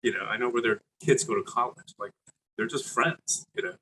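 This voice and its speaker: Animated, bright-voiced man telling stories. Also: medium pitch, a little fast, slight background noise, poor audio. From Brooklyn, New York. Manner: animated, laughing, acts out quoted voices, many restarts. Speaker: chef, podcast guest. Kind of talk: casual interview storytelling.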